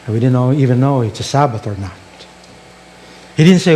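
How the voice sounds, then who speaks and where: Animated preaching man, lively pitch. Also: fairly quick, slight background noise. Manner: animated, storytelling preaching with rhetorical questions. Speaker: pastor. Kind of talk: sermon.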